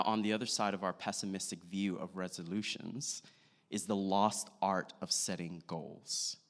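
A man, a pastor, preaching a sermon with a measured delivery and slow, deliberate emphasis. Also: on the low side, a bit bright. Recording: long hall reverb.

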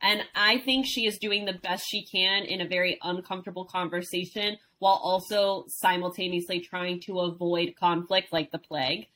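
A woman's voice: fairly low pitch, steady tone, normal speed, hardly any pauses, pushed and bright. A woman co-hosting a podcast in a casual chat, speaking bluntly and emphatically, with the odd swear word. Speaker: podcast co-host. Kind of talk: casual chat recapping a reality show.

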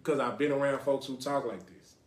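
A man's voice: medium pitch, a little fast. A young adult man from Dallas, Texas, hosting a casual podcast and rambling, often asking "you know what I mean". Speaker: podcast host. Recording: roomy echo.

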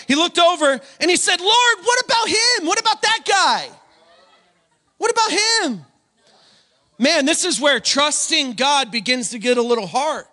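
A male pastor preaching an energetic sermon, repeating phrases for emphasis, calling on the congregation and shouting key lines. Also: very high-pitched.

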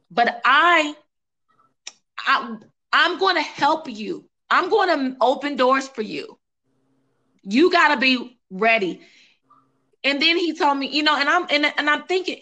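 Singer guest, woman, bright higher voice, animated storyteller who acts out dialogue. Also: unhurried, pauses often. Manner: animated, quotes others, repeats phrases for emphasis. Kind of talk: casual interview, emotional storytelling.

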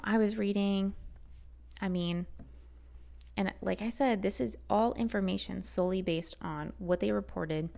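A woman's voice: medium pitch, gravelly, a little mellow. A woman hosting a solo podcast, talking heatedly and sarcastically and swearing freely. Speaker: podcast host.

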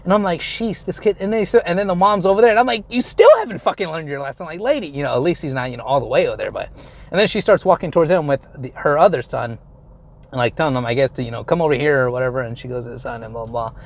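A young adult man tells a story straight to camera in a loose, rambling way, full of fillers and casual cursing. His voice has a gravelly, creaky edge at a mid pitch. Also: lively intonation, very fast.

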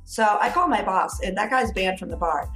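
A woman's voice: medium pitch, expressive, moderate pace, fairly bright tone, reverberant, soft background music. A woman co-hosting a podcast, telling a story in casual chat, acting out quotes and laughing often. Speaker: podcast co-host.

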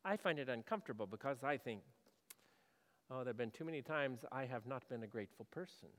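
A male pastor preaching a sermon in a conversational way, asking the congregation questions and moving between loud and hushed delivery. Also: mid-range voice, expressive, fairly quick, in a large hall.

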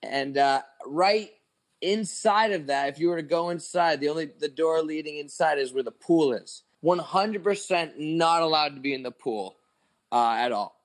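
A man's voice: fairly high pitch, normal speed. A man in his twenties, a podcast co-host, telling a long story in casual chat, rambling with lots of "like" and swearing.

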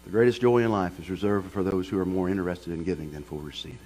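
A man's voice: sits low, steady tone, fast, dark tone, low-quality recording. A middle-aged man, a pastor preaching a sermon as a folksy storyteller. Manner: folksy storyteller who builds to passionate preaching.

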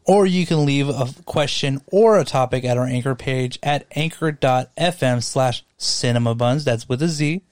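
A man's voice: mid-range voice, moderate pace, few pauses, a little mellow, dry recording, studio quality. A man co-hosting a casual movie podcast, rambling through his thoughts with many fillers and restarts. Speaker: podcast co-host.

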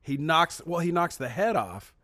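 A man's voice: on the high side, normal speed, no room sound, clean studio sound. A man co-hosting a podcast, recapping a film in casual chat and acting out quoted lines. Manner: animated, acts out quoted lines. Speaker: podcast co-host.

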